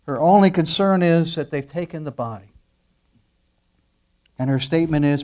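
A man preaching a sermon emphatically, asking rhetorical questions and dropping into soft asides. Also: on the high side, moderate pace, pauses often. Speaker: pastor.

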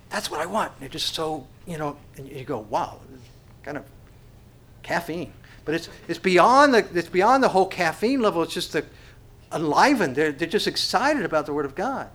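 A man's voice: fairly high pitch, a bit bright. A man preaching a sermon as pastor. He asks the congregation rhetorical questions and often stumbles over repeated words.

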